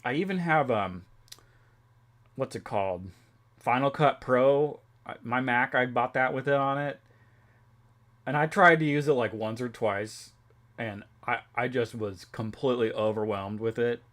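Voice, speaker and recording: A man's voice: mid-range voice, a little slow, a bit bright. A young man chatting casually on a live stream, rambling with many fillers and restarts and laughing often. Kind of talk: casual chat.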